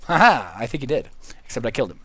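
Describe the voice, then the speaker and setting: A man livestreaming a video game, hyper and goofy, jumping from loud squealing outbursts to mumbled asides. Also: medium pitch, very animated, fast talker, husky, dry recording, studio quality. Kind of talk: excitable gaming livestream chatter.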